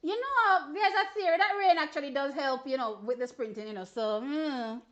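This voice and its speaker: A woman with a Jamaican accent hosting an animated live reaction stream about track races, excitable and exclamatory, with chatty asides to her viewers. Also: sits high, normal speed, muffled recording. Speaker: track and field stream host.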